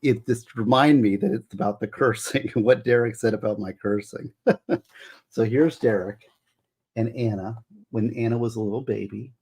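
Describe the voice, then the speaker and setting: A man's voice: medium pitch, normal speed, darkish tone, slightly rough. A middle-aged man hosting a casual livestream, rambling and emotional as he explains law. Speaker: livestream host.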